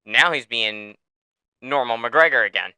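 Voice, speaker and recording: A man hosting a casual sports podcast, his voice very bright and clean against a dry, close recording. He recounts fights with animated energy, tosses in curse words and laughs easily. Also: mid-range voice, measured pace, clear, resonant tone, no echo. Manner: animated storytelling, swears freely and laughs often. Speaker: podcast host.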